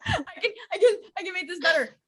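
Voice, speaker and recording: A woman playing in a tabletop game, chatting casually in a playful, excitable way and laughing a lot. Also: very high-pitched, fast. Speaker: player.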